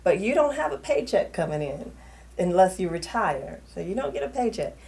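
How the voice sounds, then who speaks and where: A woman's voice: medium pitch, sing-song, moderate pace, vocal fry, darkish tone. A middle-aged woman from New Orleans with a New Orleans accent, a guest on a talk show, speaking candidly and with animation. She laughs often and restarts her sentences as she talks. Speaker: talk show guest, retired Army officer. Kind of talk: casual interview conversation.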